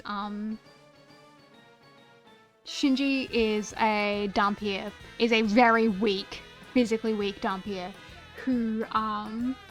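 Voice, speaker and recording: Young woman streamer, slightly high voice, unhurried, gushing fan talk full of restarts, faint music behind. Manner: gushing, stammering with many repeated words. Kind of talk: casual chat about a favorite anime.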